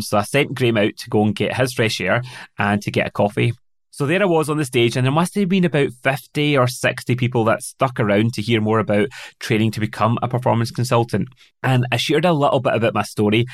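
A middle-aged man with a Scottish accent chats easily as a podcast host, recounting stories in an upbeat, relaxed way. His voice sits in a middle register. The recording is dry, with little room sound. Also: medium pitch, no echo. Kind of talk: conversational podcast interview.

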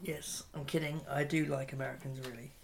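A man's voice: mid-range voice, little pitch movement, a little fast, gravelly, crowd noise. A man co-hosting a casual podcast, teasing with dry short replies. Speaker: podcast co-host. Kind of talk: casual chat.

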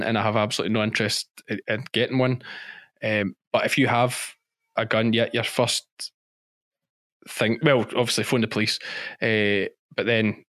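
A man's voice: mid-range voice, a bit bright, no room sound, studio quality. A man, a former policeman and sheep farmer, telling stories in a casual podcast interview, laughing often and repeating himself.

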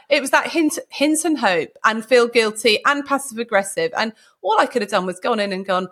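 A woman's voice: on the high side, fairly quick, hardly any pauses, fairly bright tone. Chatty middle-aged woman. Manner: chatty, self-deprecating, laughs often. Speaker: doctor and podcast co-host. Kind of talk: casual conversation.

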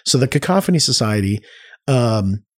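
Man, casual podcast guest, animated, rambling, restarts a lot. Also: medium pitch, moderate pace. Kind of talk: casual storytelling chat.

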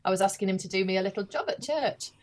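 A woman's voice: medium pitch, animated, fast talker. A woman priest with a regional English accent, speaking candidly and wryly about her experiences in an interview. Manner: candid, wry reflection. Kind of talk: conversational interview.

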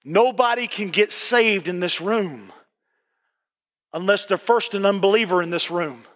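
A middle-aged male pastor preaching a sermon in a church. He repeats his phrases and breaks into emphatic shouting. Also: high-pitched, measured pace, big-room sound. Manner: emphatic, repetitive, bursts into shouting.

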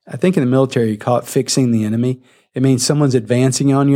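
Man preaching with animated storytelling. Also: mid-range voice, racing. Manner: animated storytelling, acting out the scene. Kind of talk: sermon.

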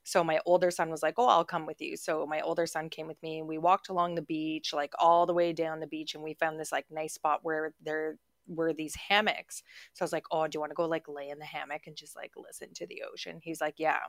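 A woman's voice: sits low, flat delivery, brisk, dry recording, studio quality. A woman in her forties co-hosting a podcast, chatting casually and telling stories with lots of "like" fillers and frequent laughter. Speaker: podcast co-host. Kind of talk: casual storytelling chat.

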